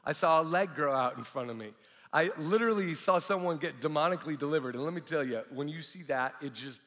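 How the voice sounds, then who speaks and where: Bright-voiced pastor in an echoing hall. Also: male voice, a little high, a little fast. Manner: candid, animated storytelling with frequent restarts. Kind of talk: sermon with personal testimony. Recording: long reverb of a large hall.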